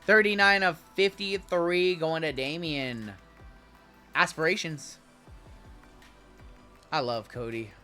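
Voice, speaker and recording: A man's voice: fairly high pitch, slow pace, pauses often, sharp tone, clear, resonant tone, faint music behind. A man hosting a live card break, chatting with viewers as he calls out cards and spots. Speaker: sports card break host.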